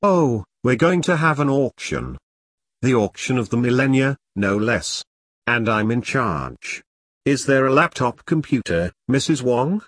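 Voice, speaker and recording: A man's voice: mid-range voice, a little slow, no echo, studio quality. A man voicing a gushing, giggly male auctioneer in a spoken story. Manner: excitable, giggling.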